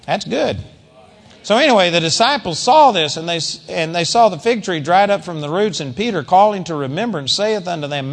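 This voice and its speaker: A man's voice: sits high, animated, moderate pace, big-room sound. A man preaching a sermon in a conversational style with dramatic emphasis.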